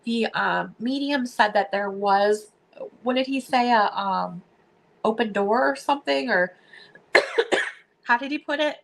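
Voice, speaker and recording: A woman hosting a live stream, telling stories in a casual chat, animated and laughing often as she acts out what people said. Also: a little high, slow, gravelly, pauses often.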